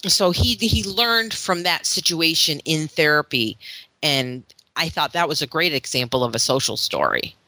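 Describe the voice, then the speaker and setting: A woman's voice: low-pitched, normal speed, sharp tone, no echo. A middle-aged woman from Florida, co-hosting a podcast and telling a long family story in a rambling, casual way. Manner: rambling storytelling, acts out quoted voices. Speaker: podcast co-host. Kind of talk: casual chat.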